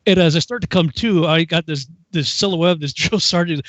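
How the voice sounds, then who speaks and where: A man's voice: a little high, fairly quick, dull audio, background noise. A man co-hosting a talk show, telling a story casually and laughing often as he goes. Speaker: co-host.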